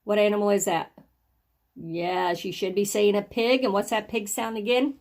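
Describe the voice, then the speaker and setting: A woman teaching young children phonics and handwriting, encouraging them and sounding out each word slowly. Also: medium pitch, fairly even intonation, a little mellow.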